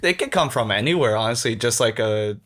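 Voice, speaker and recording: A man's voice: medium pitch, animated, a little fast, fairly bright tone. A young man hosting a casual podcast chat, rambling, swearing a lot and laughing often. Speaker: podcast host.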